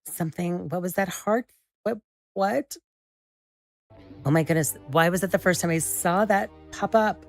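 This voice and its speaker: A woman hosting a live stream, chatting casually and excitably with viewers as she builds, often exclaiming and laughing. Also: lowish voice, unhurried, long pauses, dry recording, studio quality, faint music behind. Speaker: livestream host.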